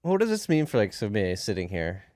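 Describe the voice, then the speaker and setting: A man with a very deep voice that still swings up and down a lot, hosting a podcast in a relaxed, blunt way. He is recorded close and dry. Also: a little fast, dry recording. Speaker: podcast host. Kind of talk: casual interview chat.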